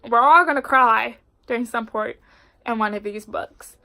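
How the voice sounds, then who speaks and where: A young woman with a congested voice reviewing a book in casual, expressive chat. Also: on the high side, moderate pace. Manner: expressive and chatty, fillers like "like". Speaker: book vlogger.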